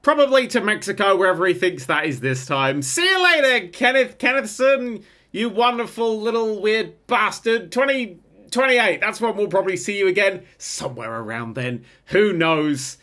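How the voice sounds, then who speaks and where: A man talks over his gameplay with a bright, forward tone. His pitch swings widely from low mutters to high yelps. He is excitable and swears freely. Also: normal speed. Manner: excitable, swearing, bursts into laughter. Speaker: gaming channel host. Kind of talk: game commentary.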